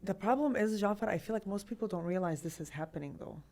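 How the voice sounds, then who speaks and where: A woman in her thirties, a trauma therapist, talking in a podcast conversation, animated and full of rhetorical questions. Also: mid-range voice, quick pace. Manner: animated, acts out quoted voices, asks many rhetorical questions.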